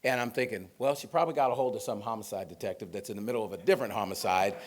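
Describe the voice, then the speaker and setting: A man's voice: fairly low pitch, racing, hardly any pauses. A middle-aged man from Sacramento, a police chief, telling personal stories in an informal, conversational speech to an audience. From Sacramento, California. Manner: storytelling, conversational with fillers and asides. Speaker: police chief giving a talk.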